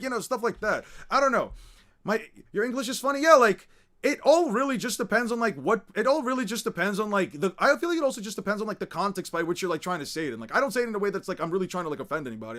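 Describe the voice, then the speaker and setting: A young man with a high voice chats loosely on a stream, circling his point with endless fillers and restarts. His tone is bright and forward, relaxed, and he swears and laughs freely. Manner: rambling, heavy with filler words and restarts; laid-back, laughs easily, swears casually. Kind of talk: casual rambling chat.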